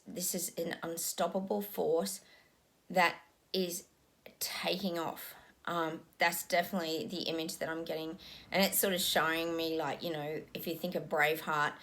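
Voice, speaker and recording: A woman talks through a psychic reading in a loose, unscripted way. Her voice sits fairly low, and she muses aloud with many ums as she describes images she says she is receiving. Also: a bit bright. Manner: musing, frequent ums, describes visions as they come. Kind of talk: casual spoken psychic reading.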